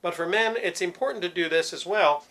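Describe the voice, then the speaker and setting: Man teaching vocal warm-ups. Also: sits high, brisk. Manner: patient, explanatory, demonstrates vowel sounds on scales. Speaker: vocal coach for church cantors. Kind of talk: instructional talk with sung demonstrations.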